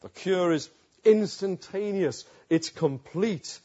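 Guy preaching, tells the story dramatic, asks lots of questions, kinda high voice, muffled recording. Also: slow, dark tone. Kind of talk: sermon.

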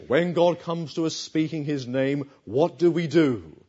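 In a dull lo-fi recording, a man preaches conversationally, asking his listeners questions. His voice is on the high side, warm and husky, moving a little slowly with hardly any pauses.

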